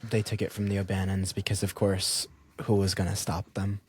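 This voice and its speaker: This podcast co-host tells the story of a castle in a relaxed chat, lively, often laughing, and dropping fillers like "um." His husky voice sits low, his pace is moderate, and there's no echo.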